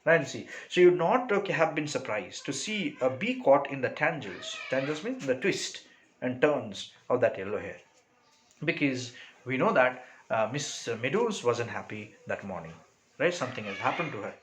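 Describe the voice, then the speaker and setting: Man, Indian English accent, classroom explanation, keeps asking "right?", mid-pitched voice, faint hum behind. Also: big pitch swings, moderate pace, fairly bright tone, low-quality recording. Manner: repeats "right?" and "okay" after nearly every phrase, with many "uh"s. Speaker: teacher.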